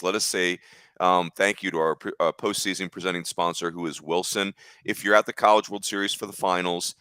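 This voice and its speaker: A man's voice: low-pitched, fairly bright tone, clear, resonant tone, no room sound. A man hosting a casual sports talk show, jokey and upbeat, teasing his co-hosts as he leads the discussion. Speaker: podcast host.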